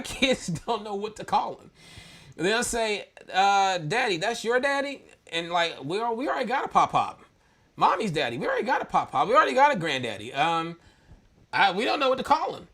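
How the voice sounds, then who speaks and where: A man in his thirties from Maryland, hosting a church talk and telling a candid personal story in an animated, slangy way, often laughing. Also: high voice. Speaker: church podcast host.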